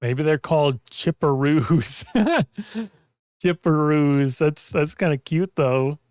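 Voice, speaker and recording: On a gaming stream, a man rambles through casual chat, filling it with "like" while losing his voice. He speaks slowly in a high, clean, somewhat dark tone, captured as clean studio audio without room sound.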